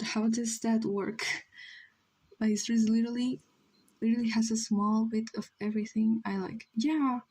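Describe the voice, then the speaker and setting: Mellow-voiced young woman chatting on stream. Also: on the high side, rough recording. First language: Spanish. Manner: rambling, reads chat aloud, many "like" fillers. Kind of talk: casual livestream chat while drawing.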